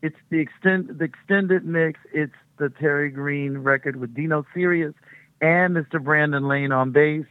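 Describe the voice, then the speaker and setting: A woman's voice: low-pitched, normal speed, no room sound. A middle-aged woman, a touring music artist, chatting as a guest in a rambling way and laughing often. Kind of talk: casual phone interview. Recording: tinny phone line.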